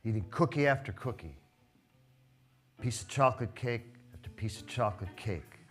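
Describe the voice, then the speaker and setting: A man performing a live storytelling piece on a theater stage, animated and conversational, going soft for sad parts. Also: medium pitch, moderate pace, soft background music.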